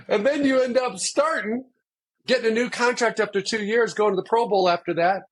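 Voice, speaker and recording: A man's voice: high-pitched, normal speed. A man hosting a podcast interview, asking eager, rambling questions. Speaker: podcast host, sports agent.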